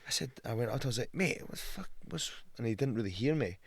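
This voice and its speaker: A Scottish man in his thirties, a guest on a podcast, telling lively stories in casual chat, swearing freely and acting out the voices of people he meets. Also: mid-range voice, rapid-fire, vocal fry, breathy edge, dry recording. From Scotland. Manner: animated storyteller, swears a lot, acts out quotes. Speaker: guest, pro fighter.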